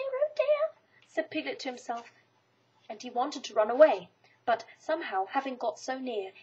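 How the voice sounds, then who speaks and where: Husky woman reading a storybook aloud. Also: fairly high pitch. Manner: expressive, animated read-aloud. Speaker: storybook reader. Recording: dull lo-fi recording.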